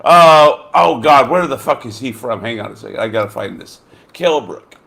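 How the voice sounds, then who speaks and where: Speaking at a normal speed in a mid-range voice, the podcast host sounds animated, bright, and forceful, with audible vocal fry. His casual talk meanders and turns profane, and he often searches for names through a haze of fillers.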